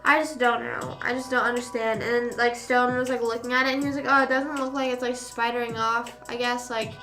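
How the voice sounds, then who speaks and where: A woman's voice: a little high, level tone, a little fast, pushed and bright, soft background music. A young woman streamer casually telling a story, rambling with lots of fillers and casual swearing.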